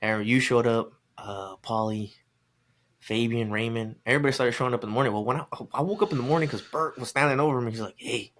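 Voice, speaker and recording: A man's voice: medium pitch, quick pace. Man telling a rambling story with laughs. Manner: rambling, animated, acts out quotes with laughs. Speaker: podcast guest. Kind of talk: casual storytelling chat.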